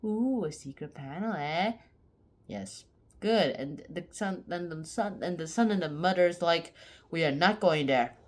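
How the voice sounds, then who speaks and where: A woman's voice: lowish voice, measured pace, a little mellow. Rambling, chatty woman retelling a story. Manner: rambling, self-correcting, chatty. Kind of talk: casual spoken story retelling.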